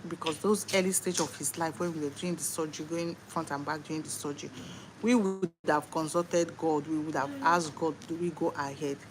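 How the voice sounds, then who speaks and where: A woman's voice: deep voice, steady tone, normal speed, background noise. A young woman with a Nigerian accent, a new mother talking earnestly about faith on a casual livestream from home. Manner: earnest, faith-filled talk. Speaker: livestream host.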